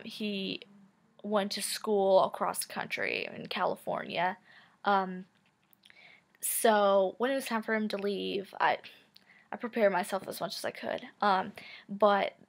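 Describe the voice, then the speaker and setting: This vlogger is a woman in her twenties whose medium-pitched voice has a gravelly texture. Speaking to camera, she shares a personal story in a relaxed, chatty way, peppered with "like" and "um" and blunt swearing.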